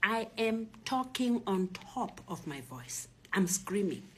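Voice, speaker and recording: A woman's voice: medium pitch, slow pace, breathy edge. South African woman telling a story. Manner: animated retelling, acts out voices and shouts. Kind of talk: personal storytelling.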